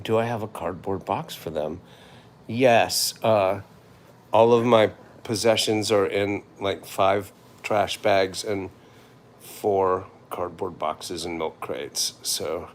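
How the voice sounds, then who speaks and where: A man hosting a casual livestream, rambling and hesitant with many fillers, often trailing off quietly. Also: fairly low pitch, slow pace. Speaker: livestream host.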